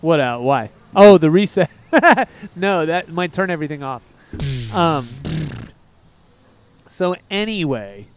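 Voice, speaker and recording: A man with a fairly high speaking voice co-hosts a music podcast in loose, casual chat. He rambles with excitable energy and keeps wandering off into tangents before finding his way back. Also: takes it slowly, slight background noise. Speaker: podcast co-host.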